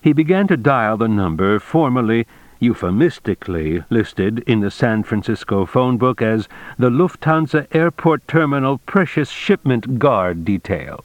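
A man reading a novel aloud as narrator in a measured, steady way. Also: mid-range voice, no echo. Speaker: audiobook narrator. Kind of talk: scripted narration.

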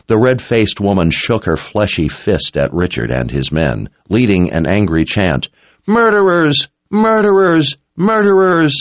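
A man's voice: deep voice, animated, a little slow, hardly any pauses, dry recording, highs cut off. A man reading a dramatic story aloud as narrator, in an intense, scripted audiobook style.

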